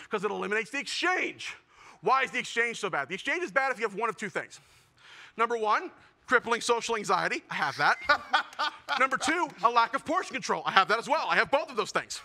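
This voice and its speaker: Bright high-voiced young male comic. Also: brisk. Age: young adult. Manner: self-deprecating, animated storytelling. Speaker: stand-up comedian. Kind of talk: stand-up comedy set.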